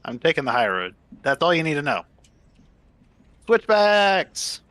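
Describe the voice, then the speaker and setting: A man's voice: mid-range voice, expressive, fast, bright, forceful tone, no room sound. A man chatting casually while playing a game, joking and punning as he rambles on. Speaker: game player and co-host. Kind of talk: casual gameplay chat.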